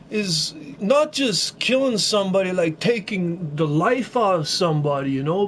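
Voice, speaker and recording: A man's voice: high-pitched, a little hiss or hum. A man in a casual chat, musing aloud and often asking "you know?".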